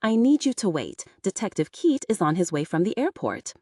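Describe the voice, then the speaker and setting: A woman voicing a calm, reassuring male police detective in a scripted audiobook reading. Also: mid-range voice, normal speed, no echo, studio quality, distant mic.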